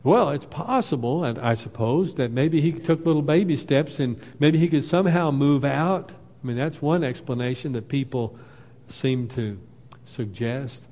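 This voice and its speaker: A man's voice: medium pitch, normal speed, dark tone. A man preaching a sermon, emphatic, acting out the quoted lines with a rising voice. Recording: long hall reverb, dull lo-fi sound.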